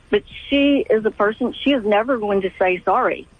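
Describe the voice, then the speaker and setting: A middle-aged woman calling in to a radio show, telling a family story in halting, restarting sentences. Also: medium pitch. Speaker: caller. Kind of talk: call-in radio conversation. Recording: tinny phone line, dry.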